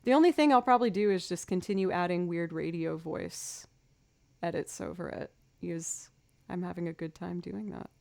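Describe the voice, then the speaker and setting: A woman's voice: lowish voice, normal speed, creaky, darkish tone. A woman music streamer in casual live-stream chat, rambling, chatty and self-deprecating.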